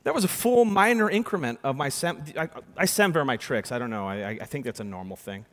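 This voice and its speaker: Man, keynote speaker, lively storytelling, middle pitch, stage mic, long hall reverb. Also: fast talker. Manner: animated storytelling with sudden loud and soft turns. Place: large conference hall.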